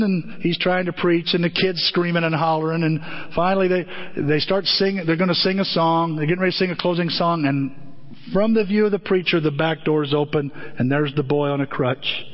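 A man preaching a sermon as a pastor, telling stories in an earnest, conversational way and often repeating himself. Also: on the high side. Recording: dull echoey hall recording.

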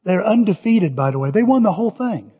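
Older male pastor, high husky voice. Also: fairly quick. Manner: animated storytelling, shouting cheers in quotes. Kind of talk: sermon. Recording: dull lo-fi audio with long hall reverb.

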